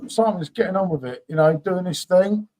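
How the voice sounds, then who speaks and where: A man's voice: high voice, normal speed, darkish tone. A man, chatting casually on a live stream with breezy, offhand remarks. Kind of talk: casual chat.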